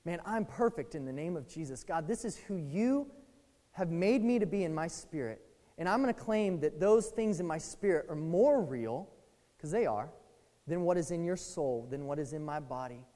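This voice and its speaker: A young adult preacher giving a sermon, animated, acting out past prayers and thoughts. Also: mid-range voice, moderate pace. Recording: long reverb of a large hall.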